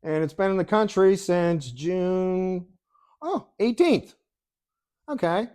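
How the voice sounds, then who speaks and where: A man co-hosting a podcast, telling a story in a casual, animated way, laughing often and swearing freely. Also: high voice, slow pace, smooth. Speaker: podcast co-host.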